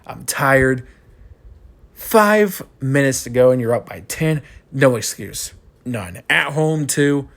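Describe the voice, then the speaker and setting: A man's voice: medium pitch, animated, slow, vocal fry, a bit bright. A young man giving a frustrated postgame rant as a college football fan, repeating himself and ranting.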